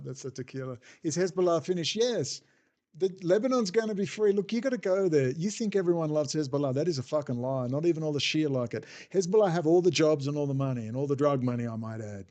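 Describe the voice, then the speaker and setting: A man's voice: a little high, darkish tone. A man hosting a casual livestream, rambling and bluntly answering chat messages as he goes. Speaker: livestream host reading chat.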